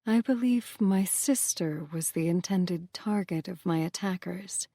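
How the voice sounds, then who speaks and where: A woman voicing a gentle, shaken goddess who speaks softly and breathily. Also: lowish voice, unhurried, no room sound. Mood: hushed. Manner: soft, breathy, hushed. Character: shaken gentle goddess, soft-spoken and uneasy.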